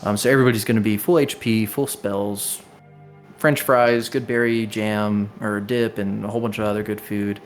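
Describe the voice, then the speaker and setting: A young man running a tabletop game over a voice call, explaining rules in a relaxed, rambling way with many fillers. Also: lowish voice, moderate pace, soft background music. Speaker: game master. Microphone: online voice call.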